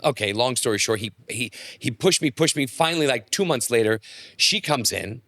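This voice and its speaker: Animated storytelling man, dry close sound. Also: mid-range voice, moderate pace, no room sound. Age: middle-aged. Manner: animated storyteller acting out dialogue. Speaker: podcast guest. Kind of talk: casual storytelling.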